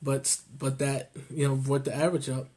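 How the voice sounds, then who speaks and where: A man's voice: medium pitch, level tone, moderate pace, warm tone, slightly rough. A man co-hosting a casual weight-loss vlog, laid-back and joking as he gives advice. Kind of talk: casual chat.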